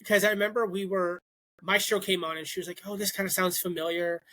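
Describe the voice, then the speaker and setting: A man's voice: high-pitched, fast talker. A young man co-hosting a podcast, telling a story in casual chat and acting out the voices of the people he quotes. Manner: animated, acts out quoted voices. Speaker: podcast co-host.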